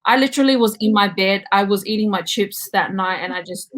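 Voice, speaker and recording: A woman talks as a guest on a relaxed podcast. She is candid and laughs a lot. Her voice sits in a middle pitch range for a woman. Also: a little fast, rough recording. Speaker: podcast guest, book reviewer. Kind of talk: casual podcast chat.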